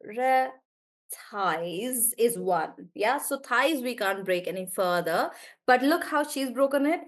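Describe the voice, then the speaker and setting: A woman teaching a live online English class, warmly praising students and slowly drawing out words as she models how they sound. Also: a little high, animated. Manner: encouraging, drawn-out words when modelling pronunciation.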